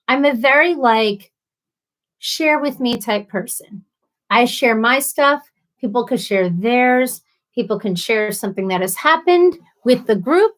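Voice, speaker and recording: A woman hosting a casual live stream, reading viewer comments aloud and answering them with sympathy and playful asides. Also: high voice. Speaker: livestream host.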